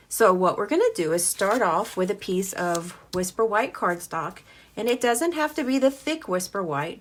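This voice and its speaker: Chatty woman with a slightly low voice. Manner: chatty, answers viewer comments; laughs often, friendly. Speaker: card-making demonstrator. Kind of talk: casual live craft demo.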